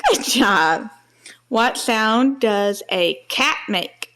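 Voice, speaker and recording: A woman coos to her little ones at home in a high, singsong voice that swoops up and down. She speaks very slowly, stretching each gentle question and cheering every answer. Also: expressive, slight background noise. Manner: sing-song, coaxing, praising questions to small children. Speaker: mother filming her children. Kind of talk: home video baby talk.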